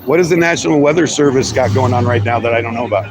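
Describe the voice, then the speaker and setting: A man's voice: medium pitch, racing. A man casually chatting through a walking livestream at an outdoor street protest, friendly and amused, talking to strangers. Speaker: live streamer. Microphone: handheld phone. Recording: noisy street ambience and traffic.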